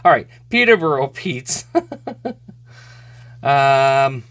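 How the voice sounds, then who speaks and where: A man's voice: mid-range voice, animated, extremely slow, a bit bright. A man hosting a casual card-opening show, chatting, laughing often and stumbling over names. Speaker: host.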